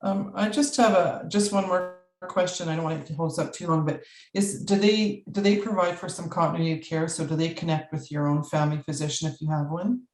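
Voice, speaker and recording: A woman with a deep voice moderates a session and keeps pausing on fillers. Her voice rings in a roomy space. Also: fairly even intonation, darkish tone. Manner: friendly, hesitant with fillers. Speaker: session facilitator.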